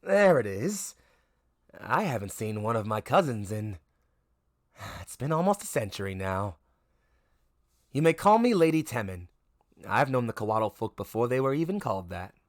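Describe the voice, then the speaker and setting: A man voicing an ancient, wise turtle-folk sage woman who speaks slowly and gently. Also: mid-range voice, sing-song, no room sound, studio quality, close to an everyday voice.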